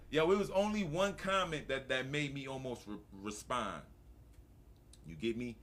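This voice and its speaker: A man hosting a morning show, telling stories in a slangy, excitable way and laughing often. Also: fairly high pitch, normal speed. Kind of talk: animated storytelling to a live audience.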